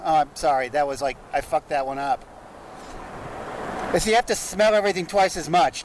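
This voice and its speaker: Deadpan man doing street stand-up. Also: fairly high pitch, normal speed. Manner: deadpan, muttering asides between jokes. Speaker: street comedian. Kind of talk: stand-up one-liners. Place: outdoors on a city street. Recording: street recording with loud traffic noise. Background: traffic noise, passing vehicles.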